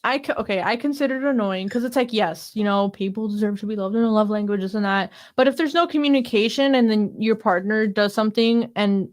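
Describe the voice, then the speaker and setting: A woman co-hosting a podcast in casual chat, talkative and expressive, with lots of "like" and "you know". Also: mid-range voice, a little fast, few pauses. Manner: chatty, fills talk with "like" and "you know"; expressive, gasps and laughs while talking. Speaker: podcast co-host.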